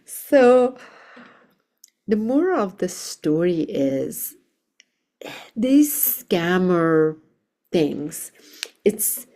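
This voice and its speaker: Brief: woman reverend, host, calm and gentle storyteller, low-pitched and mellow. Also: extremely slow, pauses often. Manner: calm, gentle, with sudden pitch lifts when quoting. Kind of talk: storytelling on a podcast.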